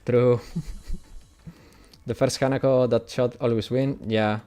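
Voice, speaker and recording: A man's voice: medium pitch, little pitch movement, slow, dark tone, clear, resonant tone, soft background music. A man from Italy, whose first language is Italian, speaks with an Italian accent and chats casually with viewers while streaming a game, often laughing. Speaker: gaming streamer. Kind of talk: casual live-stream chat.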